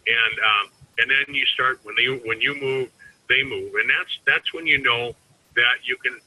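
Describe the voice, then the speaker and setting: Bright, husky man coaching. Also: mid-range voice, unhurried, rough recording. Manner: rambling, conversational, restarts often. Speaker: network marketing team trainer. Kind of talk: informal training talk.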